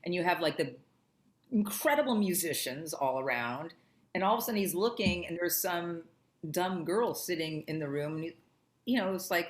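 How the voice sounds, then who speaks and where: A middle-aged woman, a podcast guest, telling a story with animated, acted-out quotes. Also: lowish voice, moderate pace. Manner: acts out quotes in lively voices. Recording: echoey room.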